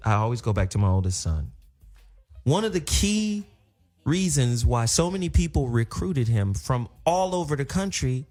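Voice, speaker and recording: A middle-aged man hosting a casual panel chat, lecturing with emphasis and laughing at his own points. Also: high-pitched. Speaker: host.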